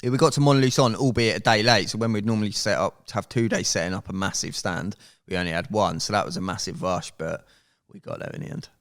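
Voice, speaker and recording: A man, a podcast guest, telling a story in casual chat, animated and swearing freely as he goes. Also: on the low side, fast talker.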